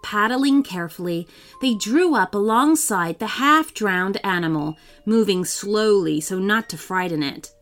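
A woman narrating a children's storybook in a lively, expressive reading voice. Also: medium pitch, measured pace, faint music behind.

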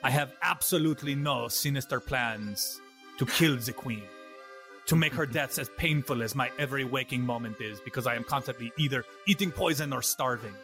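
A man's voice: mid-range voice, normal speed, bright, forceful tone, soft background music. A man playing a foreign-born courtier with a put-on accent, talking theatrically in an improvised comedy play. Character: foreign-born courtier plotting against the queen.

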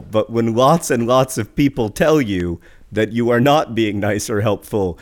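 Male co-host, mid-pitched, dry wit, easy conversational delivery. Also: moderate pace. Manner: wry, dryly joking, breaks into helpless laughter. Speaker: podcast co-host. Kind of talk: casual comedic chat.

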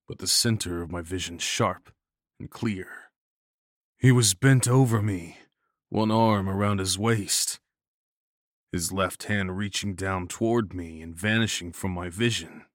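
A man narrating a horror story in a grave, scripted reading with measured pauses. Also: low voice, a bit bright, no echo, clean studio sound.

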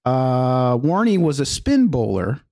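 A man's voice: medium pitch, sing-song, slow, mellow, no echo, clean studio sound. A man co-hosting a podcast in casual comedy chat, teasing, laughing often and swearing casually. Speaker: podcast co-host.

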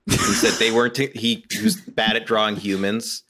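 A man's voice: fairly low pitch, level tone, moderate pace, sharp tone. A man talking casually as a guest on a podcast, hesitant at times and laughing often.

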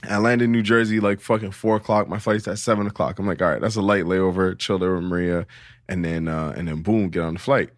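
A man's voice: deep voice, steady tone, fast talker, no echo, clean studio sound. A young man casually telling a long travel story on a podcast, swearing freely and laughing often. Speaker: podcast co-host.

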